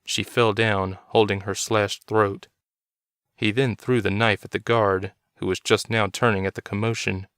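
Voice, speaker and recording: A man narrates a dark story in a steady, measured way, his voice low and smooth. The recording is dry and close, with no room sound. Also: no echo. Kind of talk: reading a story aloud.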